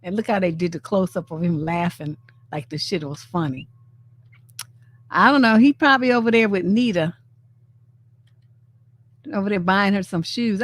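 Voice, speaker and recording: Speaking in a voice on the low side, a San Francisco, USA woman runs a live stream. Her meme commentary is casual and animated, and she frequently performs the quoted lines.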